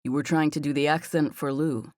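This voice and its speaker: A woman voicing a calm, dry young man. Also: low voice, a little fast, dry recording, lightly acted. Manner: serious, matter-of-fact.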